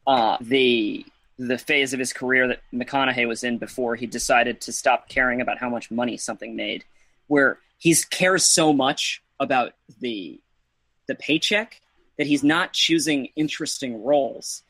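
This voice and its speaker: A man's voice: medium pitch, normal speed, bright, forceful tone, no echo, low-quality recording. A man co-hosting a casual movie-review podcast, rambling a bit and trailing off with fillers. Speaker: podcast co-host.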